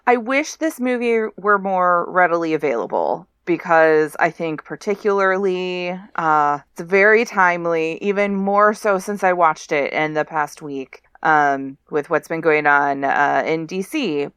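Casting note: a female podcast co-host in her thirties, lowish smooth voice, dry close sound, measured. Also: fairly bright tone, no room sound. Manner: measured, explanatory, with "um" and "uh". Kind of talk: casual movie chat.

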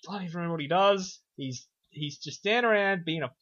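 A man's voice: on the high side, quick pace, fairly bright tone. Sarcastic man recapping a film. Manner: sarcastic, profane, offhand. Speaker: podcast co-host reviewing a film. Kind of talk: casual film recap chat. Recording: dull lo-fi sound.

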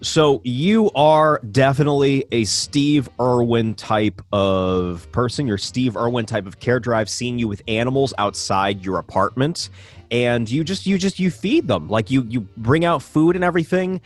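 A man's voice: medium pitch, normal speed, faint music behind. A man co-hosting a podcast, teasing his co-host in casual chat. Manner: teasing, playful interviewer.

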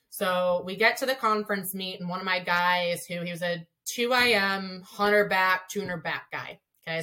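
A woman who coaches swimming and diving, talking casually in an interview and telling stories in a chatty way with many filler words. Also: medium pitch. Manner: chatty, frequent "like" fillers, lively retelling.

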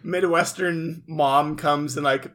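A man's voice: a little high, steady tone, slow, fairly bright tone. A man co-hosts a comedy recap podcast in casual, rambling chat. He has a somewhat raised voice and strings his thoughts along loosely, with filler words throughout. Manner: loose, filler-heavy storytelling. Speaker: podcast co-host.

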